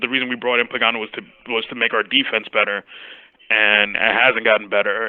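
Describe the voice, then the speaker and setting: A man's voice: medium pitch, no room sound. A man calling in to a sports talk show from New York City, talking casually with stammering restarts. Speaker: caller. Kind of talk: casual phone-in chat. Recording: tinny phone line.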